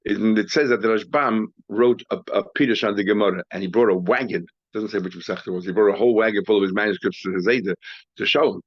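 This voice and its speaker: A man's voice: lowish voice, fast talker, no echo. A man teaching a class as a rabbi, explaining a text with frequent restarts and repeated words, recorded dry and dull.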